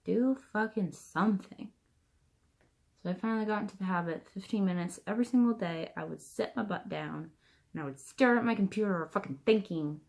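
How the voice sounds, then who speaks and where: A woman's voice: medium pitch, fairly quick, vocal fry, darkish tone. A young woman talking casually to the camera about her writing, blunt and profane, with dry jokes. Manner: blunt, profane and joking, with frequent laughs. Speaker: writing vlogger. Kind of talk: casual vlog monologue.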